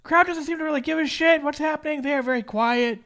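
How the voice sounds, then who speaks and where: Talking fast in a high, somewhat bright voice, a podcast co-host gives a casual, joking play-by-play of a wrestling match, describing each move.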